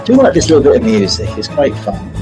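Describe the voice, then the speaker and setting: A man's voice: mid-range voice, wildly swooping pitch, quick pace, music in the background, rough recording. A man hosting a live-streamed multiple-choice quiz, chatty and jokey, greeting viewers by name as he reads out the questions. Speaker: quiz host.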